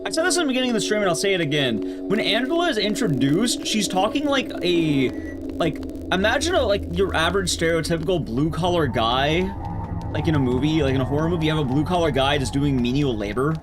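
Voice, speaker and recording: Animated sarcastic male streamer. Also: a little high, fast. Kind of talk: casual chat, sarcastic film recap. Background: background music.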